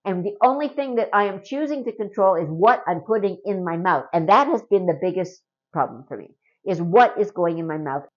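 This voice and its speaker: A woman's voice: fairly low pitch, lively intonation, fairly quick, muffled recording. A middle-aged woman from Canada talking casually and earnestly to camera in a home vlog, often adding a rhetorical "right?". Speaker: vlogger.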